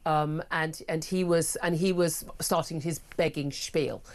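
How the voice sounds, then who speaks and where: A woman hosting a talk radio show, arguing forcefully and indignantly and mocking opposing views. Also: sits low, steady tone, measured pace. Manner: forceful, indignant, mocking voices of others in anecdotes. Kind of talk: opinionated talk radio debate.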